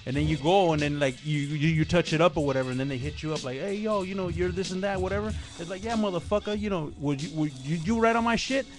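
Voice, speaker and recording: A man telling stories as an interview guest, switching into quoted voices and swearing freely. His voice sits slightly high for a man. Music plays clearly behind him throughout. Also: fast, few pauses. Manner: animated storyteller acting out quoted voices, profane. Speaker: graffiti artist guest. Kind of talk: casual storytelling in interview.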